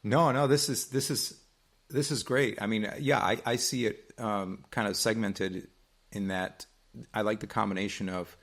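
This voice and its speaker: Deep-voiced man musing in casual chat. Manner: reflective, rambling with restarts. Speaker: podcast co-host.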